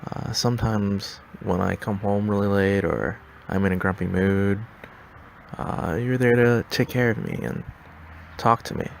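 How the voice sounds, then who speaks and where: Shy young man, gravelly low voice. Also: measured pace, a little hiss or hum. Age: young adult. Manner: shy, hesitant. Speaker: student club member. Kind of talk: recorded farewell message.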